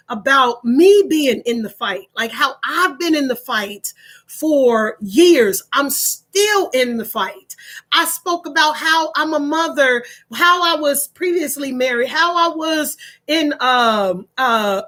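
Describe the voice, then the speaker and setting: A woman's voice: sits high, sharp tone. A middle-aged woman vlogging casually about her day, emotional and tearful, often restarting her sentences. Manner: emotional, tearful and laughing, talks with many restarts. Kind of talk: casual personal vlog storytelling.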